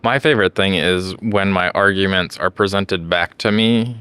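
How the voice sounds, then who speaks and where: Young man, podcast co-host, low pitch, dry close sound, casual profane banter. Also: normal speed, smooth, dry recording. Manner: profane, animated storytelling.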